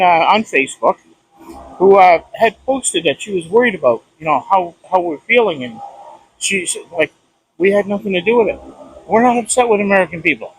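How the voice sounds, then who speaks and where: A man's voice: high voice, a bit bright, husky, dry recording, poor audio. A man from Canada, interviewed, speaking earnestly and reassuringly. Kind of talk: street interview.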